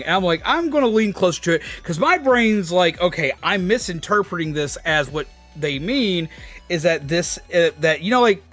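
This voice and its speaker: A man streaming live, telling a story casually and excitedly, cursing freely and using lots of fillers. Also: fairly high pitch. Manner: excitable, swears a lot, many fillers.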